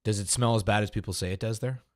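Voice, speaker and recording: A man co-hosting a podcast, chiming in with quick questions and reactions in casual chat. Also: on the low side, steady tone, dry recording, clean studio sound.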